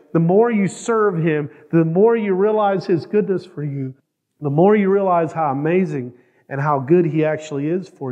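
A man's voice: fairly high pitch, a little mellow, in a large hall, highs cut off. A man preaching a sermon as pastor, often asking the congregation questions and acting out quoted prayers. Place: church sanctuary.

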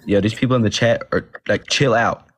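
A man's voice: on the low side, brisk. A man bantering on a livestream, teasing and playful, swinging between insults and compliments. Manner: teasing, animated, swings between joking and sweet.

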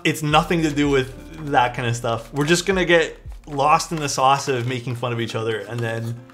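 A man talking casually on a live stream as he unboxes keyboard parts and thanks his chat. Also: medium pitch. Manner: thanks chat, muses aloud while unboxing. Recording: faint music behind.

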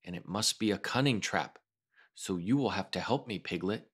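A man reading a storybook aloud and voicing a gentle, slow-witted male teddy bear with a solemn, ponderous manner. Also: fairly low pitch, expressive, breathy edge.

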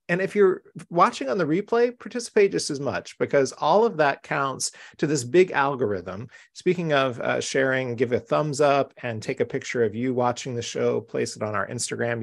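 A man's voice: mid-range voice, normal speed, gravelly, hardly any pauses. A man hosting a live-streamed craft show from home, chatty, upbeat and welcoming. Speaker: host.

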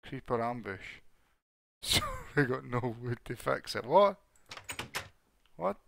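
A Scottish man hosting a Minecraft let's play in casual, excitable commentary, his voice hoarse as it recovers. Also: medium pitch, measured pace, a little hiss or hum. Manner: chatty and excitable, laughs often.

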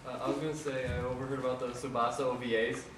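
A man's voice: mid-range voice, little pitch movement, racing. A man fan in the audience asking a panelist a question, a little hesitant. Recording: echoey hall, distant mic, background noise.

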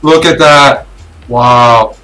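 A man from Canada doing excited play-by-play commentary on a chess stream, cheering and repeating catchphrases. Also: medium pitch, very slow, rough recording.

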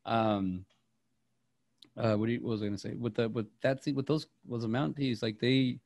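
A man co-hosting a movie podcast, chatting casually in a rambling, excitable way with many restarts. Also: mid-range voice, moderate pace, creaky, no echo, clean studio sound. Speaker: podcast co-host.

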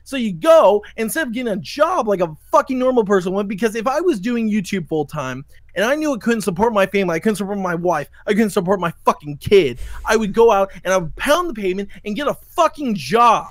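A man's voice: high voice, big pitch swings, normal speed, no echo, studio quality. A man hosting a livestream talk show, ranting angrily and cursing as he retells an online drama. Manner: profane, ranting, quotes people in mocking voices. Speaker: podcast host. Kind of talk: heated livestream commentary.

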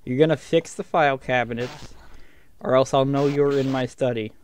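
A man's voice: medium pitch, steady tone, normal speed, a little mellow, slight background noise. A man gaming with friends, playing a scolding parent in a joking way, stammering and laughing. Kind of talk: casual gaming banter.

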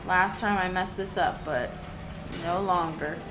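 A woman's voice: on the low side, measured pace, background noise. A woman hosting a gaming video, chatting to herself and exclaiming as she plays. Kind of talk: casual let's-play commentary.

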